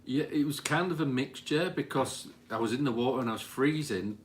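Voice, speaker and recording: A man from Britain in casual chat, describing what he went through in a plain, halting way. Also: medium pitch. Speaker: experiment participant. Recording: faint background noise.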